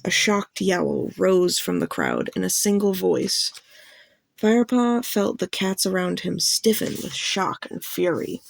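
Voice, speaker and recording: A woman reading a novel aloud as a fan audiobook, narrating in an even, plain storytelling manner. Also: on the low side, unhurried, creaky, no room sound.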